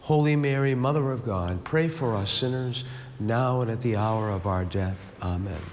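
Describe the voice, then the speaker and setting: Male prayer leader, measured rosary recitation, reverberant room, light background noise. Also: fairly low pitch. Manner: steady rhythmic recitation, falling on each amen; slow reflective speaking in the meditation. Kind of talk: leading a recited rosary with a meditation. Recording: long reverb, faint background hiss.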